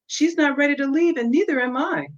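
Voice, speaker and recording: A charming, arrogant young man speaks in a soft, coy tone, as a woman reading a story voices him. His lines come quietly and easily, with no anger. The audio is dull and lo-fi. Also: high-pitched, fairly quick, pitched above the performer's own voice, natural voice.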